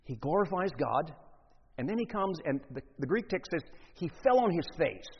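A man with a slightly high, husky voice preaches a lively sermon and acts out the scenes. His pitch and volume swing widely. The sound is muffled and lo-fi, with a long reverb from a large church. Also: normal speed.

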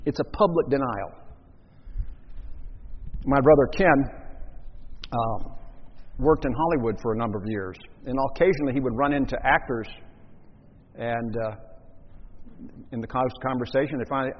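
A man's voice: mid-range voice, normal speed, pauses often, slightly rough, long reverb tail, highs cut off. A man preaching a sermon, telling a story and acting out the voices of the people in it. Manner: storytelling, acts out quoted voices.

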